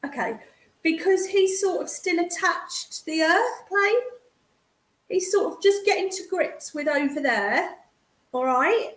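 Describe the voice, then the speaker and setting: A woman's voice: very high-pitched, a little slow, fairly bright tone, roomy sound. A woman giving a psychic reading as a medium, chatty and affectionate, calling the sitter darling.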